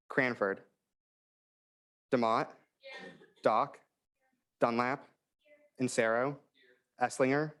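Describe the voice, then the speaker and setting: A man's voice: mid-range voice, fairly bright tone. A young man serving as interim secretary, reading a roll call name by name and apologizing for slips. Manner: reads names one by one, apologizes for stumbles. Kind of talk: calling the roll at a meeting.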